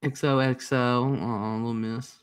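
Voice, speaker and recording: A man's voice: medium pitch, steady tone, slow pace, clean tone. Male livestream host, casual and rambling, reads out viewer comments. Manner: reads out viewer comments, greets chatters by name; laid-back, profane, rambling. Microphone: headphones and computer mic.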